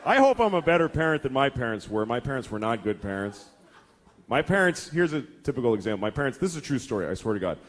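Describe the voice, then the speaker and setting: Animated, profane man doing stand-up. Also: mid-range voice, fast talker. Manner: profane, exasperated storytelling. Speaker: stand-up comedian. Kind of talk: stand-up comedy.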